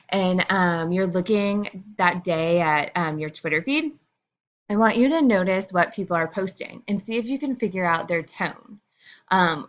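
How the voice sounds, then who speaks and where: Low-voiced woman teacher, lo-fi sound. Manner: casual, chatty explaining with frequent fillers. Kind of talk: video lesson explaining to students.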